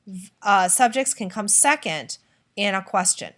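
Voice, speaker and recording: A woman teaching a recorded lesson, explaining clearly and patiently and acting out example sentences. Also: medium pitch, expressive, measured pace, fairly bright tone. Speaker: Spanish teacher.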